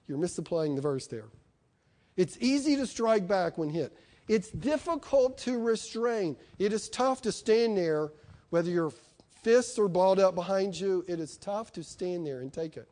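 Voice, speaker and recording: A man's voice: high-pitched, expressive, unhurried, mellow. A middle-aged man preaching a sermon in an emphatic, conversational way, asking his listeners questions.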